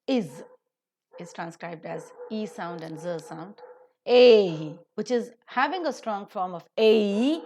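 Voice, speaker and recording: A woman teaching pronunciation in a recorded lecture, slowing down to stress example sentences. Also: on the low side, darkish tone, slight background noise.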